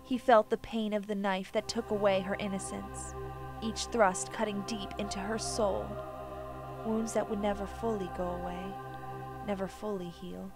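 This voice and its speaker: A woman narrating a sad story slowly, in a hushed, sorrowful voice that often drops to a whisper. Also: mid-range voice, flat delivery. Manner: slow, hushed, sorrowful delivery. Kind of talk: dramatic story reading. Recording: music playing behind.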